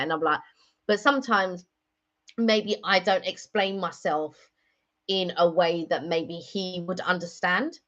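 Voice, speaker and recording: A woman's voice: fairly low pitch, unhurried, fairly bright tone. Chatty woman on a dull lo-fi stream. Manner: chatty, rambling, many fillers. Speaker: live stream host. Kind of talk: casual live stream chat. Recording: dull lo-fi sound.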